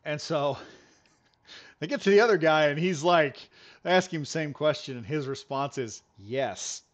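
A man streaming a game while telling a long, animated story with lots of laughs and restarts. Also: a little high, moderate pace. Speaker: gaming streamer. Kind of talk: casual storytelling on a live stream.

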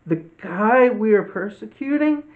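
A man's voice: sits high, lively intonation, unhurried. A man voicing startled travel companions who ask bewildered questions in a raised voice in a children's Bible story. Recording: tinny phone-like audio.

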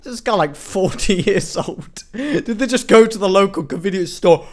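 A young man hosting a casual reaction video, sarcastic and prone to loud exclamations and mocking put-on voices. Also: high voice, lively intonation, normal speed, few pauses. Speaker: YouTube host reacting to music videos.

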